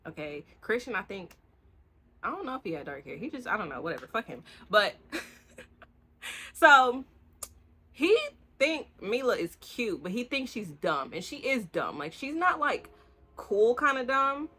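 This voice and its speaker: A woman's voice: fairly high pitch, breathy edge. A young woman, giving a rambling, casual book review full of swearing and acted-out lines. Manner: animated, swearing, acts out the characters' lines in quick bursts. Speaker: book vlogger.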